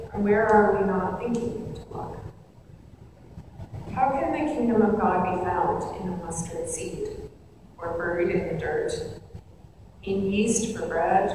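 A middle-aged woman giving a sermon, telling a personal story in a reflective way with soft, repeated phrases. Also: medium pitch. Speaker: preacher. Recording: echoey hall, distant mic, background noise.

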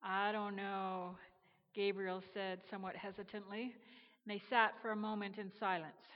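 A woman's voice: mid-range voice, little pitch movement, moderate pace. Woman storyteller reading aloud, echoey. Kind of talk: read-aloud story narration. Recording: dull reverberant sound.

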